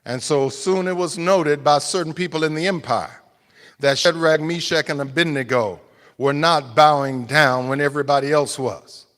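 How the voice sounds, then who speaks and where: A man preaching a sermon, emphatic and rhetorical, swinging between loud appeals and hushed explanation. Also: on the high side, moderate pace, long reverb tail.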